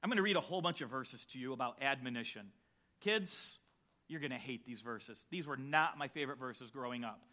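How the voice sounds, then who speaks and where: A man preaching a sermon as a pastor, emphatic and building to shouts on key lines. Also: medium pitch, lively intonation, brisk.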